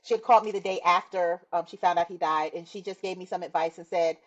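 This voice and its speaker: A woman's voice: lowish voice, fairly even intonation, fast, dull audio. A middle-aged woman sharing her personal testimony as a guest, in earnest, conversational storytelling that acts out what people said. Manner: earnest, warm storytelling with laughs and acted-out quotes.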